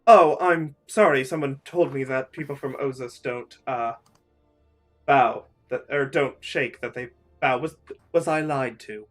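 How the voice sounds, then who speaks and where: A man's voice: mid-range voice, unhurried, soft background music, lightly acted. A man playing a nervous, stammering townsman. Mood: flustered. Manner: flustered, rambling, stammering. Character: nervous, apologetic male townsman guide.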